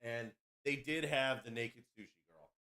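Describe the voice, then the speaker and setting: A man's voice: medium pitch, moderate pace, pushed and bright. A man hosting a podcast, telling a rowdy story in a crude, boastful, casual way. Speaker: podcast host.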